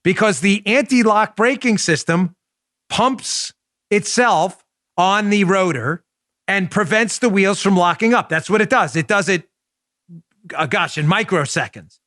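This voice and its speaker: With a Queens accent and a fairly high, fairly bright voice, a man in his forties hosts an opinionated talk show at a measured pace. He presses his points emphatically and keeps addressing rhetorical questions to his listeners. The recording is close, dry and echo-free.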